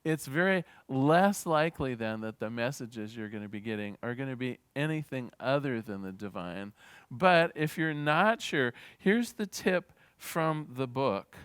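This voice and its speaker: A minister giving a sermon in an earnest, gentle teaching manner, with small restarts as he talks. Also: mid-range voice, animated, a little slow, clean tone, dry recording.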